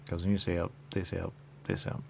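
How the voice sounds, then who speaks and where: A radio host with a very deep, gravelly, fry-filled voice rambles fast through a monologue in a radio studio, delivering it completely flat. He repeats phrases again and again and breaks into sudden loud bursts, with a faint hiss beneath his voice.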